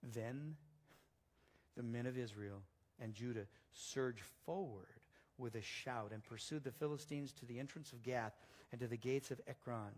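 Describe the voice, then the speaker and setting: A male pastor preaching a sermon in a church, telling stories in an animated way that swings between loud and soft. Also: mid-range voice, moderate pace.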